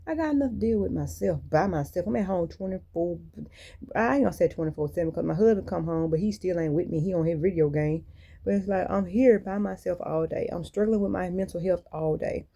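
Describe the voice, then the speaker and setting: A woman's voice: lowish voice, a little fast, vocal fry, mellow. A woman vlogger rambling candidly to her viewers in a blunt, colloquial way. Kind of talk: casual monologue to viewers.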